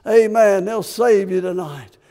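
High-voiced impassioned preacher man. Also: measured pace, mellow. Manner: impassioned preaching with rhetorical questions. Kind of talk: sermon. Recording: long hall reverb.

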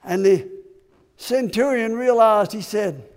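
A man's voice: high voice, slow pace, a little mellow. A man preaching a sermon with passion, asking his congregation rhetorical questions. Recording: long hall reverb.

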